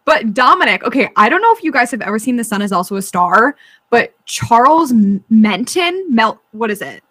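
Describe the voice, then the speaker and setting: Book club woman, high bright voice, dry close sound, giggly and casual. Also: sing-song, moderate pace, no echo. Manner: chatty, laughs often, lots of "like".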